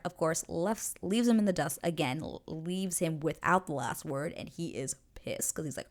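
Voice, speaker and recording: A young woman hosting a casual reaction recap, excitedly retelling scenes, swearing freely and acting out the characters' lines. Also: on the low side, moderate pace. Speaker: show reaction host.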